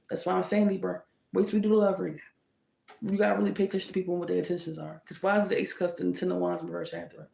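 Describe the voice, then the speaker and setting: A woman's voice: fairly low pitch, vocal fry, a little hiss or hum. A woman giving a casual tarot reading, speaking emphatically and scolding with indignant rhetorical questions. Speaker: tarot reader. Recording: echoey room.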